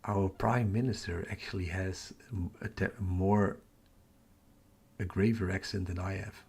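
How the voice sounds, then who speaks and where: Dutch-accented male livestream host, slow-talking and gravelly, chatty, talks to himself between comments. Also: sits low, fairly even intonation, a little mellow. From Netherlands. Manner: chatty, muttering to himself while tracking captures. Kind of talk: casual live-stream chat reading comments.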